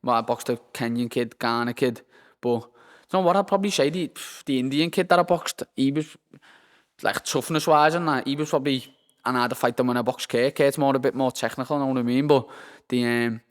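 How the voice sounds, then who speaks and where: A man's voice: medium pitch, a little fast. A young man with a Liverpool accent, a professional boxer chatting as a guest in a rambling, sweary way and saying "lad" constantly. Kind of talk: casual interview chat. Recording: long hall reverb.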